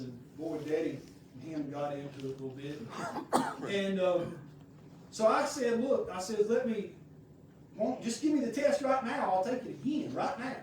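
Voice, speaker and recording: A man's voice: high-pitched, darkish tone, far from the mic, a little hiss or hum. A male pastor, telling a personal story in a folksy, rambling, conversational sermon. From United States. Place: church sanctuary. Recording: very echoey room heard from afar.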